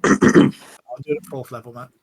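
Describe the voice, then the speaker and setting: A man's voice: fast, fairly bright tone. A man playing a tabletop game, talking eagerly and casually at the table. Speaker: player.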